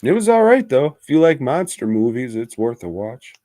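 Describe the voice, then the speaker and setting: A man's voice: medium pitch, big pitch swings, moderate pace, mellow. A man co-hosting a podcast, rambling through a casual movie review while drinking, swearing constantly and laughing mid-sentence. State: drinking, tipsy. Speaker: podcast co-host.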